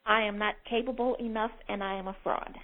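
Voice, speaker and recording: A woman client on a coaching phone call, talking in a hesitant, soft-spoken way. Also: medium pitch, fairly even intonation, fairly quick. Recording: gravelly voice over a phone line.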